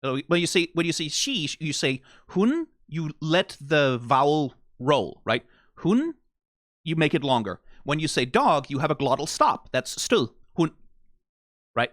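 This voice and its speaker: Lively Danish-accented man explaining pronunciation. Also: on the high side, dry recording, studio quality. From Denmark, south of Funen. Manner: explains language points with lively spoken demonstrations. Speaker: streamer reacting to an anime episode. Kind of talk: casual chat to a live stream chat.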